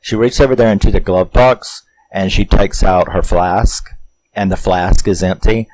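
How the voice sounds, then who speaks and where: A man with a low, deep voice and a drawl talks through a movie he loves. He rambles, retells its scenes with plenty of fillers, and acts out the characters' lines. The tone is a loose, casual film recap. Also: moderate pace, poor audio. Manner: rambling, animated retelling with acted-out quotes and chuckles. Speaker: movie review host.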